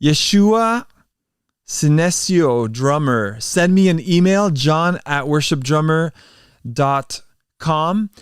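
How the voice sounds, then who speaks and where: A man's voice: fairly high pitch, expressive, slow, clean tone, no echo, studio quality. A man hosting a casual livestream, talking earnestly with many fillers, then leading a prayer. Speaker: channel host and worship drummer.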